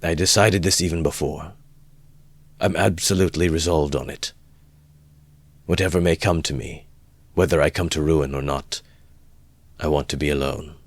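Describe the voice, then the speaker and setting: A man with a very deep voice reading the lines of a feverish young man quietly and slowly, in a low mutter. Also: steady tone, no room sound. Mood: grim. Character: feverish brooding young man, resolved and withdrawn.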